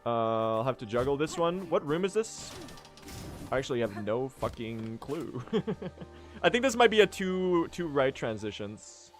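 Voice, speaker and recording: A man's voice: medium pitch, sing-song, a little slow, over music. A man in his twenties chatting casually and swearing while streaming a game speedrun. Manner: chatty, joking, swears often.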